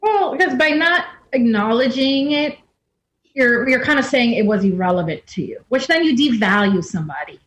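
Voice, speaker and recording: A woman's voice: a little high, expressive, moderate pace, fairly bright tone, rough recording. A woman co-hosting a radio talk show, making her points in a firm, reasoned way. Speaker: co-host. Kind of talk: casual conversation.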